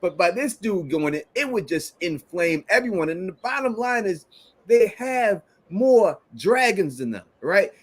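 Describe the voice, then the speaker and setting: A man's voice: sits high, sing-song, unhurried. Emphatic man arguing a point. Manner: emphatic, argumentative, swears. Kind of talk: casual livestream chat.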